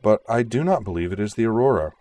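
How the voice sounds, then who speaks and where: A man voicing a calm, precise male pilot who reports contacts in a measured, matter-of-fact way. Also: on the low side, pitched above the performer's own voice, close to an everyday voice.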